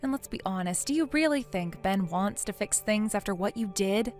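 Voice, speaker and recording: A woman's voice: medium pitch, expressive, moderate pace, darkish tone, faint music behind, natural voice. A woman voicing a blunt, lecturing female friend. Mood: stern. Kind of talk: text story narration.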